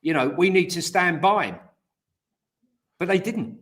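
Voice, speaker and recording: A man co-hosting a casual football chat, animated and opinionated, with slang. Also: sits high, unhurried. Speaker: co-host of a football news show.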